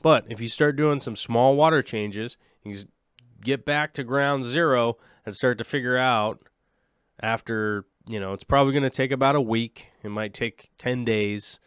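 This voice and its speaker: A man's voice: medium pitch, normal speed, fairly bright tone, clear, resonant tone, dry recording, studio quality. Rambling jokey man streaming live. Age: late 30s. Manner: rambling, jokey, chats with viewers. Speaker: aquarium livestream host. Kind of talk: casual livestream chat.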